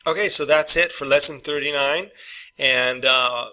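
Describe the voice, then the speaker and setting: Slow, bright-voiced male English teacher. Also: mid-range voice, fairly even intonation, poor audio. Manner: patient, encouraging, repeats each word twice for practice. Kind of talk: slow explanatory lesson for Spanish speakers.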